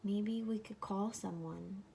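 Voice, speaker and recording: A woman's voice: mid-range voice, fairly even intonation, takes it slowly, vocal fry, dark tone, a little hiss or hum. A woman reading aloud as a caring, worried young girl from a children's book. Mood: earnest. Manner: earnest, pleading.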